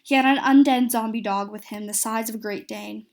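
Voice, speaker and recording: A woman's voice: on the high side, steady tone, fairly quick, a little mellow. A woman narrating a recap of a tabletop fantasy game, reading steadily with small slips and restarts.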